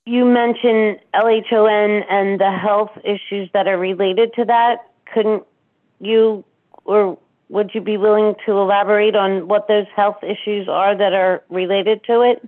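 A woman from Pennsylvania calling in to a group meeting, asking a question politely and hesitantly. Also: mid-range voice. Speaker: caller. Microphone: phone. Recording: tinny phone line.

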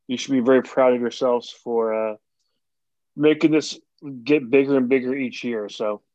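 Halting man with dry humor. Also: mid-range voice, darkish tone, dry recording, lo-fi sound. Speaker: caller. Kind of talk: casual group call.

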